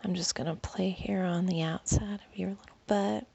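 A woman voicing a dominant, commanding male lover in a whispered role-play, speaking low and teasing. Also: steady tone, normal speed, creaky, warm tone, breathy edge, highs cut off. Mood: taunting.

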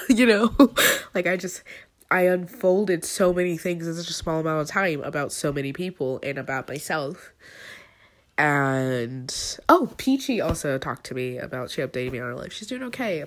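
A young woman with a stuffy nose rambles candidly and swears through a personal voice update after a long, emotional day. Her expressive voice moves at normal speed, swinging between low mumbling and high, tearful outbursts.

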